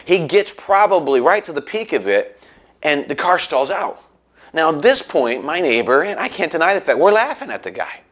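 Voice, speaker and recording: A man giving a sermon in a conversational way, telling a story with many restarts and lively asides. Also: a little high, normal speed. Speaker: preacher.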